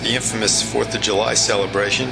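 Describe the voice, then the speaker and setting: Man, documentary narrator, low voice, measured scripted reading, loud guitar music behind. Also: steady tone, vocal fry.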